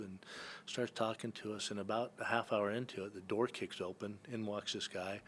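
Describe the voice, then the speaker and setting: Low steady guy telling hunting-trip stories on a podcast, lots of ums and restarts, kinda monotone. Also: brisk, a little hiss or hum. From Northern California. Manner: rambling, with many fillers and restarts. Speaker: guest, entrepreneur and hunting guide. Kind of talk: casual storytelling in a podcast interview.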